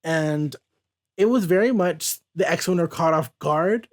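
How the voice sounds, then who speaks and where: A man hosting a casual podcast, walking through a comic page by page and reading lines aloud in loose paraphrase. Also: on the high side. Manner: reads character lines aloud in quick, loose paraphrase, laughs often. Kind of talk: casual comic review chat.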